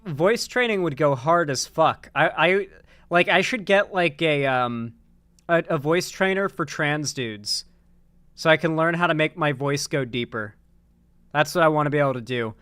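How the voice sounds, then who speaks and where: Man, fairly high voice, dry close sound, casual commentary host, rambling, frequent restarts. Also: a bit bright, clean tone, dry recording. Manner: rambling, many restarts and fillers, swears freely.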